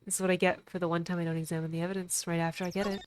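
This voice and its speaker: A woman's voice: fairly low pitch, little pitch movement, very fast. A woman streaming a video game, chatting casually with viewers, laughing often and joking about herself. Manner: chatty, laughs often, self-deprecating asides. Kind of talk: casual livestream commentary.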